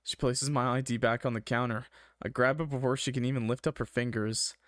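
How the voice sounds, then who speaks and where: A man's voice: medium pitch, fairly even intonation, a little fast, no room sound, studio quality. A young man streaming a visual novel, reading the story aloud with a dramatic tone and breaking off for casual jokes. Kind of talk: reading a game aloud with jokey asides.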